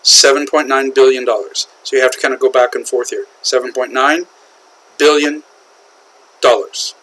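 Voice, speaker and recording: A man with an American accent teaching English usage, explaining slowly and repeating key phrases, often checking in with "okay?". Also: medium pitch, steady tone, sharp tone, a little hiss or hum, low-quality recording. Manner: slow, repetitive explaining with frequent "okay?" checks. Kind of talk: classroom lecture on English usage.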